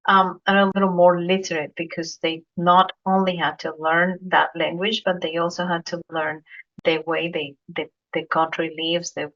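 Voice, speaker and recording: A Colombian woman hosts a casual podcast interview, her lowish, fairly bright voice carrying a Spanish accent. Her anecdotes come across as earnest, with frequent repeated words as she searches for phrasing. The sound is dull and lo-fi.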